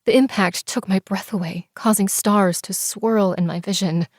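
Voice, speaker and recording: A woman narrating a first-person romance audiobook, expressive and sometimes dropping to soft whispers. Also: mid-range voice, normal speed, no room sound, clean studio sound. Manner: expressive, breathless in tense scenes, shifts into soft whispers.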